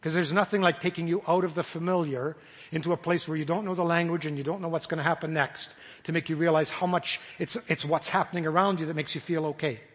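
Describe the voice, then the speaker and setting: A high-voiced man with a husky edge preaches a sermon, earnest and searching. He stumbles and restarts as he voices imagined prayers aloud. His words ring with the long reverb of a large hall. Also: fairly even intonation, quick pace, a bit bright.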